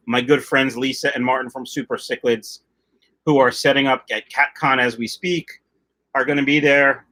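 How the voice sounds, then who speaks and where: Hosting a casual fish-keeping livestream, a middle-aged man reads viewer comments with jokes and lets the chat wander off topic. His voice is a little high, pushed, and bright.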